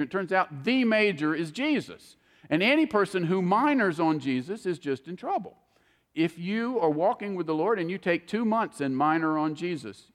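An older man preaching a sermon in a folksy, storytelling way, acting out the people he quotes. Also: fairly high pitch. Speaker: pastor. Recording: long hall reverb.

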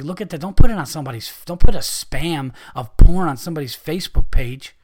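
A middle-aged man hosting a podcast, delivering a profane, angry rant with loud outbursts. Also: on the high side, fast, hardly any pauses. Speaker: podcast host, comedian.

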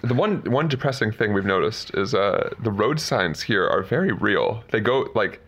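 A man's voice: fairly low pitch, expressive, normal speed, a bit bright. Male podcast co-host, casual joking banter. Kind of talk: casual chat.

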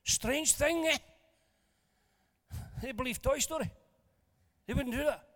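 A man preaches with a high, bright voice, telling stories with humour. He swings from loud, lively bursts down to quiet asides. His voice rings with the long echo of a church hall. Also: slow pace. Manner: animated, jokey storyteller who swings between loud and hushed. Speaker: pastor. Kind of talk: storytelling sermon.

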